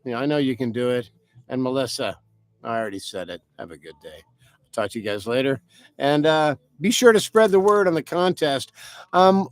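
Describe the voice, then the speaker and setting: A man's voice: mid-range voice, no echo. Brief: male author hosting a live stream, casual, rambling, swears freely, dry close sound.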